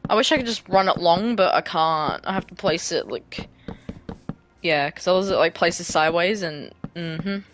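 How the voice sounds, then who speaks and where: A woman talks through her building session in casual gameplay commentary, her voice sitting a little low for a woman. She rambles and pokes fun at herself, and her sentences often trail off into quiet mumbles. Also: moderate pace, slight background noise. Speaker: gaming creator.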